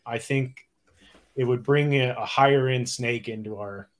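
Laid back guy guest, trips over his words a bit, mid pitch. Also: steady tone, a little slow. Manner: easygoing, stumbles and repeats words. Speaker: guest, snake breeder. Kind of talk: casual chat.

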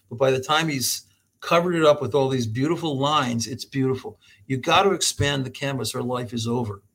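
A man with a medium-pitched, fairly bright, husky voice appears as a guest on an interview show, where he's a medical school professor. He tells stories animatedly and laughs often.

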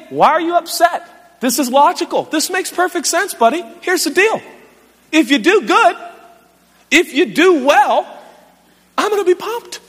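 A man's voice: very high-pitched, a bit bright, breathy edge, exaggerated voice. A man voicing God as a casual, chummy figure giving blunt, offhand advice. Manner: breezy, buddy-like, offhand. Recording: echoey hall.

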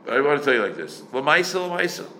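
Older male rabbi, lively pitch, leaps high for emphasis; faint noise behind. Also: very fast, roomy sound, rough recording. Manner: animated, emphatic, swings his voice up sharply for stress; sprinkles Yiddish and Hebrew words. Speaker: rabbi answering questions. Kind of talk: question-and-answer talk on Jewish law.

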